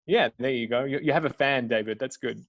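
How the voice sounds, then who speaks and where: A man's voice: mid-range voice, a little fast, dull audio. A man hosting a live question-and-answer webinar, reading out audience questions in a loose, chatty way. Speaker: webinar host. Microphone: video call.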